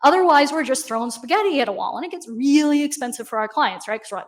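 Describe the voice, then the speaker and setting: A woman giving a conversational, animated conference talk, often checking in with the audience. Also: sits high, fast, few pauses. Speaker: conference speaker. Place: conference stage.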